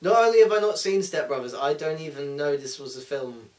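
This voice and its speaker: A young man chats about films in a teasing, jokey way, his voice sitting a little high. He is picked up from a slight distance, so he sounds a bit removed. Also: animated, brisk, darkish tone. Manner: teasing, laughs often. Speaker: co-host. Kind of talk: casual film chat. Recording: voice a bit far from the mic.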